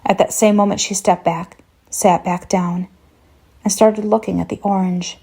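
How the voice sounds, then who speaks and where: A woman narrating a first-person horror story in a tense, measured way. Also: mid-range voice, steady tone, warm tone, breathy edge.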